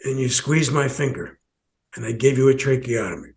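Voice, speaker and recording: A man's voice: medium pitch, moderate pace, voice pushed down, natural voice. A man voicing a male surgeon retelling a story in a matter-of-fact way.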